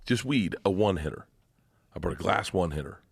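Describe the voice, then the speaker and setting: A man, a comedian guest, telling a rambling, animated comic anecdote with plenty of swearing, played from a podcast clip. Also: deep voice, a little fast, creaky, husky, no room sound, studio quality. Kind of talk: comic storytelling.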